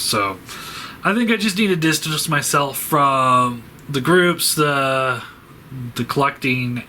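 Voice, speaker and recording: A man hosting a toy review channel, talking in a halting, rambling way with lots of fillers and restarts as he says goodbye. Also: medium pitch, pushed and bright, a little hiss or hum. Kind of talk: rambling farewell vlog.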